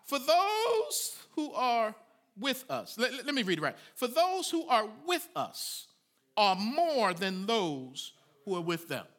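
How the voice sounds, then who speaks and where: A man preaching a sermon as a pastor, reading scripture and breaking into folksy asides, rising to dramatic shouts. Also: high voice, sing-song, measured pace.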